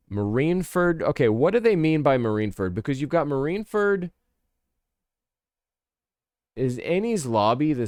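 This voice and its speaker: A man's voice: mid-range voice, darkish tone, clean tone, no echo, studio quality. A man chatting casually as a streamer, rambling and thinking aloud, often correcting himself mid-sentence. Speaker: streamer ranking a series. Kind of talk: casual chat.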